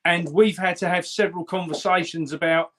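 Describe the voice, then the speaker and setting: A man's voice: high voice, fairly even intonation, a little fast, pushed and bright. A man, telling a personal story earnestly in casual chat, swearing now and then. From England. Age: 50s.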